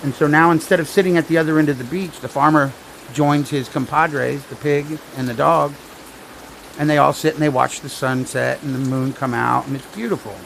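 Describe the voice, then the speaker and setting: A man's voice: fairly high pitch, steady tone, a little fast, vocal fry, fairly bright tone, slight background noise, rough recording. A man telling rambling jokes with dry asides on a casual livestream while he watches a storm.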